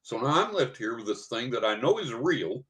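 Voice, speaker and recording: An older man from West Texas, a podcast guest telling a personal story in a lively way. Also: medium pitch, normal speed. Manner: animated storyteller who acts out what people said.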